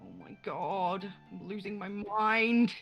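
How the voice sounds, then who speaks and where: A woman's voice: medium pitch, slow pace, fairly bright tone, faint music behind. A woman running a tabletop game as game master, rambling and self-deprecating, often laughing.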